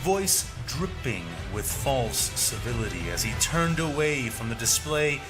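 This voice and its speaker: A man's voice: mid-range voice, lively intonation. Man narrating a dramatic story. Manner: measured, dramatic reading. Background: music.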